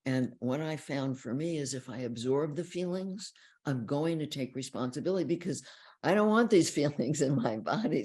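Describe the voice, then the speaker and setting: A woman counselor giving a calm, explanatory teaching talk about feelings, often repeating key phrases. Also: a bass voice, breathy edge. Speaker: relationship counselor.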